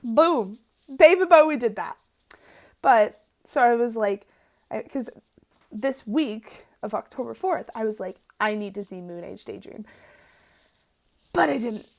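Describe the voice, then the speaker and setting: A young adult woman talking through her sketchbook in a casual vlog, rambling and excitable, laughing often and swearing casually. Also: on the high side. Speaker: art student vlogger.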